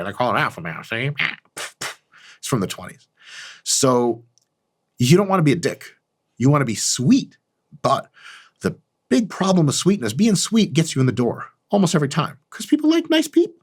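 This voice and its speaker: Husky, boastful man with a lively voice. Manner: mock-arrogant, profane and boastful; lively, animated delivery with big pitch jumps. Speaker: channel host. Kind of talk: comedic advice monologue.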